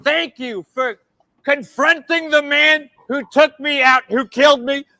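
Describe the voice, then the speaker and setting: A man's voice: very high voice, steady tone, measured pace, sharp tone, no room sound, heavily acted, rough recording. A young man doing an impression of a boastful older male president, repeating and stretching his words. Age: young adult. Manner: repetitive boasting, stretched emphasis.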